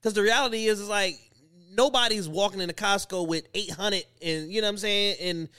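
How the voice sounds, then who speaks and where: A man co-hosting a podcast, calmly explaining business matters in casual chat. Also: high-pitched, a little fast, clean tone. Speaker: podcast co-host.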